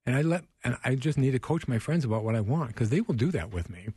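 A man who works as a counselor, a radio guest giving gentle, earnest advice and explaining patiently. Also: mid-range voice, lively intonation, fast, husky, no echo, studio quality. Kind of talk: advice on a radio talk show.

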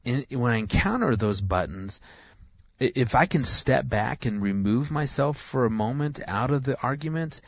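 Earnest, halting middle-aged man. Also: medium pitch, expressive, breathy edge, no echo, lo-fi sound. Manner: earnest, halting with many restarts. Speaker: guest. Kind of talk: casual chat.

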